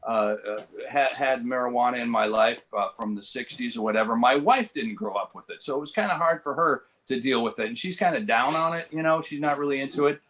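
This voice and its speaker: A man in his sixties telling comic stories over a video call, rambling and halting with lots of fillers and dry, self-mocking punchlines. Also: mid-range voice, a bit bright. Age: 60s. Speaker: comedian guest. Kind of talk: stand-up storytelling.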